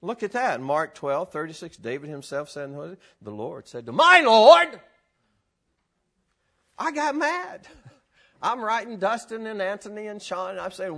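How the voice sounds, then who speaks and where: A man teaching a live group about scripture in an animated, excitable way, laughing often and exclaiming. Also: high voice, a little slow, gravelly. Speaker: Bible teacher.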